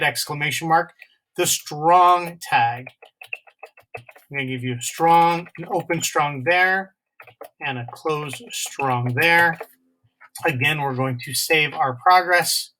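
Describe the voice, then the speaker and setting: A man walks a class through a coding lesson over a screen recording. His voice is bright and a little high, and he talks in a halting, stop-and-start way full of fillers. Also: rough recording. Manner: halting, many uh fillers, step by step. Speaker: teacher.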